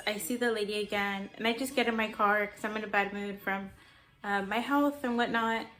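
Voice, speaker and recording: Chatty young woman with a flat delivery. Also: medium pitch. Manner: rambling, chatty, sidetracked. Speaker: artist vlogger. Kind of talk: casual storytelling vlog.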